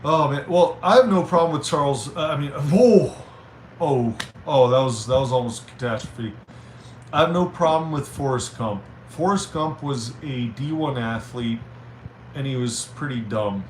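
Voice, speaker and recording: A man streaming live, chatting casually and reading viewer messages aloud with halting restarts. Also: mid-range voice. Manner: rambling, reads chat aloud, halting restarts. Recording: roomy with faint noise.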